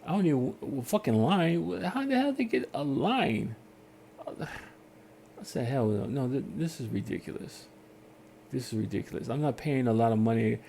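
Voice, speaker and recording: A man's voice: mid-range voice, normal speed, creaky, a little hiss or hum. A man telling a story in a casual rant, acting out customer service calls in different voices. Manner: animated storytelling, acts out phone calls in voices. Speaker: podcast host.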